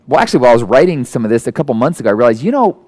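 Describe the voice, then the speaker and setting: A man in his forties preaching in a relaxed, story-driven way. He is animated and self-deprecating, slipping into quoted voices as he goes. His voice sits at an average pitch for a man. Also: very fast. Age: 40s. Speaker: guest preacher. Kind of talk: conversational sermon storytelling.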